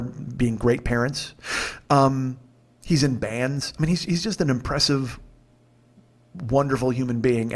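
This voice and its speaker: A man in his forties hosting a comedy podcast, telling a story in a rambling, profane and incredulous rant that is full of restarts. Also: medium pitch. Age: 40s.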